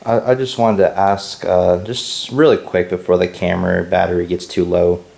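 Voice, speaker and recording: Low, gravelly-voiced man, casual off-camera interviewer, brief curious prompts. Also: level tone, normal speed, darkish tone. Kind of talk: casual chat.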